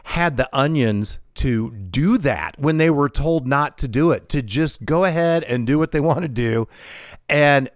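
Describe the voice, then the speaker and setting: A man casually telling a funny story about his past in an animated way, laughing often and acting out what people said. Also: medium pitch, a little slow, no room sound, studio quality.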